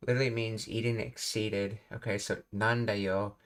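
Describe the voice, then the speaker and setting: Low, flat-voiced man teaching live. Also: moderate pace. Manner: thinking aloud, reading explanations, self-questioning. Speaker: language teacher. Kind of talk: live-stream language lesson.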